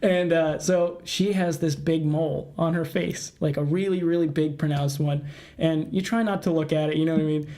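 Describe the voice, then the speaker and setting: A young man co-hosting a podcast, telling stories in a casual, animated way and laughing often. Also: fairly high pitch, moderate pace. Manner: animated storyteller, laughs often, acts out quotes. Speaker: podcast co-host. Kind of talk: casual chat.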